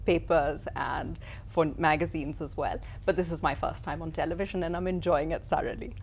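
A woman's voice: deep voice, brisk, vocal fry, a little hiss or hum. A woman from Pakistan, a writer and cooking-show host, telling anecdotes as an interview guest and acting out quoted lines. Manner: lively storyteller, acts out quotes.

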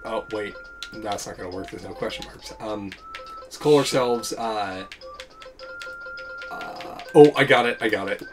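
A man's voice: on the low side, a little slow, long pauses. A man hosting a casual let's play, chatting and laughing a lot. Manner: giggly, animated, lots of fillers. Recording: faint game music behind.

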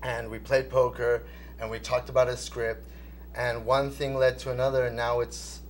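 A man's voice: medium pitch, little pitch movement, normal speed, slight background noise. A man, an actor guest in a casual interview, joking and switching languages mid-sentence.

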